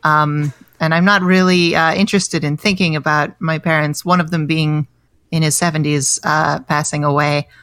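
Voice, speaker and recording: Chatty low-voiced American woman comedian. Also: fairly even intonation, normal speed, fairly bright tone, dry recording, studio quality. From United States. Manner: chatty, self-deprecating, many restarts and fillers. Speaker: comedian guest. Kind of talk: casual podcast chat.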